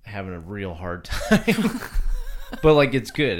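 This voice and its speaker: A man's voice: lowish voice, huge pitch swings, takes it slowly, a little hiss or hum. A man co-hosting a casual music podcast, rambling with lots of fillers and self-deprecating apologies. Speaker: podcast co-host. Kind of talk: casual chat about music. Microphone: home podcast microphone.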